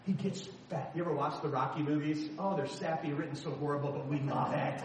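A man preaching a sermon in a church, emphatic and animated, breaking into sudden shouts. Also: a little high, a little fast, slight background noise. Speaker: pastor. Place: church sanctuary. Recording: roomy echo, voice heard from a distance.

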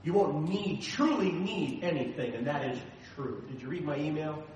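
High-voiced man preaching in an echoey hall. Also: normal speed, distant mic, a little hiss or hum. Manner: emphatic preaching, swinging between loud stresses and soft asides. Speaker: pastor. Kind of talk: sermon. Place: church sanctuary.

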